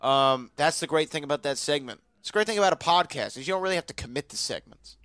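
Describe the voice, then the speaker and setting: A man's voice: fairly high pitch, expressive, quick pace, fairly bright tone, no echo. A man hosting a podcast in casual chat, sounding nasal from allergies and playfully teasing his co-host. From Houston, Texas. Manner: playful, teasing, trails off into mumbles.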